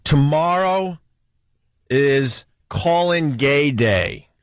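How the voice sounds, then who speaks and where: A man's voice: on the high side, lively intonation, drawn-out words, no echo. A man hosting a comedy radio show, cracking jokes and laughing often.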